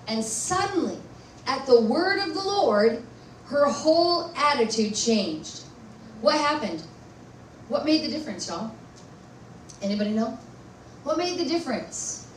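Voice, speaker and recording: High-voiced woman preaching in an echoey hall. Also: a little hiss or hum. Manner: animated preaching, asks the audience questions. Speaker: pastor. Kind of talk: sermon. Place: church conference hall. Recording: echoey room, voice from far off.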